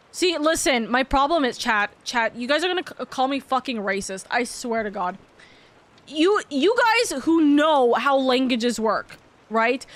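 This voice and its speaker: A woman's voice: high voice, a bit bright. A young adult woman streamer chatting casually with her viewers, rambling and playful and swearing freely. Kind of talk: casual livestream chat.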